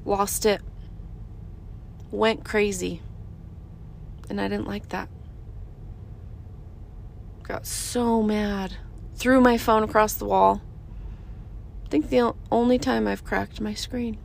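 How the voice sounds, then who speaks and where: Slow, gravelly-voiced woman talking earnestly. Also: medium pitch, fairly even intonation, a little hiss or hum. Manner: earnest, emphatic, repeats short phrases. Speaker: podcast host. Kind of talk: casual motivational monologue.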